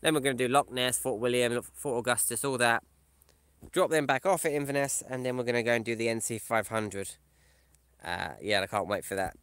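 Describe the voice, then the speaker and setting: Brief: male van-life vlogger, casual live chat, bright crisp voice, dry close sound. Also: medium pitch, a little fast, no room sound. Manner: casual, chatty, reads comments aloud and answers them. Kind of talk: live stream chat, reading viewer comments. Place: in a camper van or parked outdoors.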